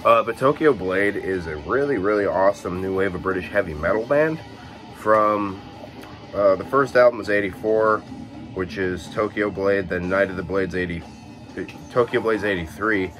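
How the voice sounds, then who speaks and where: A young man with a very low voice talks casually through his collection, full of fillers and quick self-corrections. He sounds relaxed, having only just woken up. Some faint music plays in the background. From Illinois, USA. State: just woke up. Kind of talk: casual chat.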